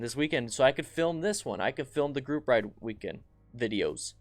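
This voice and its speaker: A man hosting a casual live stream, chatting and reading viewer comments aloud with bursts of excitement. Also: mid-range voice, fairly quick, hardly any pauses, faint music behind. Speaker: motorcycle channel host.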